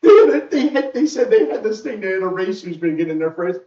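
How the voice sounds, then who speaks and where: A man co-hosting a podcast, telling stories in a rambling, animated way and acting out other people's lines. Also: sits high, fast. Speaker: podcast co-host. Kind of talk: casual storytelling chat. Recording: roomy, distant, muffled home recording.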